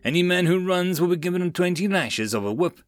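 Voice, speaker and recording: A man's voice: on the high side, lively intonation, fairly quick, dry recording, clean studio sound, pitched above the performer's own voice. A man voicing a blustering imperial general who roars and barks orders. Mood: furious. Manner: roaring, shouting orders.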